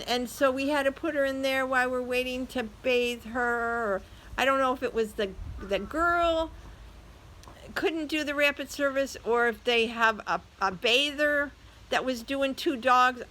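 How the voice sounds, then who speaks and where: A woman's voice: high voice, a little slow, pushed and bright, poor audio. An older woman vlogger telling a story casually and chattily, speaking straight to her viewers.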